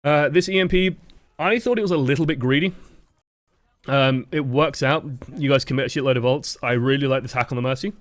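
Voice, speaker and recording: Fast-talking man coaching gameplay. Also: medium pitch, dry recording, clean studio sound. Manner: projected, expressive delivery with swearing; talks fast. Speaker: game coach reviewing footage. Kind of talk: live-streamed gameplay review commentary.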